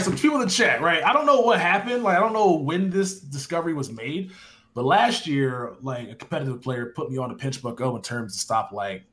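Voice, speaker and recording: A man in his twenties chatting casually on a live stream, animated and rambling, swearing now and then. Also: medium pitch. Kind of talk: casual live-stream chat about a football video game.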